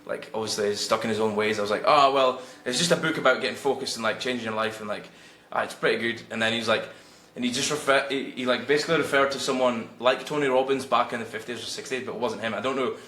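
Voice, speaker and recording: A man's voice: mid-range voice, quick pace, slight background noise. A man in his late twenties, a guest telling blunt, swear-laden stories in casual conversation. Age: late 20s. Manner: blunt, swears freely, animated storytelling. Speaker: guest, freelance copywriter. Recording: roomy echo.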